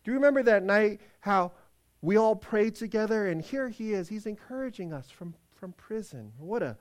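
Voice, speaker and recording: A man's voice: sits high, lively intonation, moderate pace, pitched above the performer's own voice. A man voicing an angry wealthy woman who scolds shrilly. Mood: fond.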